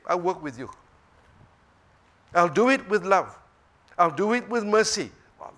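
Unhurried, high-voiced male preacher. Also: fairly bright tone. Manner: emphatic, questioning the listeners. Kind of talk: sermon.

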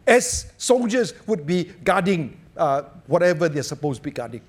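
High-voiced, lively male preacher. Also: normal speed. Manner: animated storytelling with jokes. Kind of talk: sermon.

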